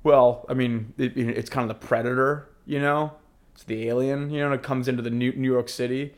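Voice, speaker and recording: A man's voice: medium pitch, fairly even intonation, fairly quick, a little hiss or hum. A man co-hosting a podcast, rambling through joking tangents full of repeated words and fillers. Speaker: podcast co-host. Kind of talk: casual chat.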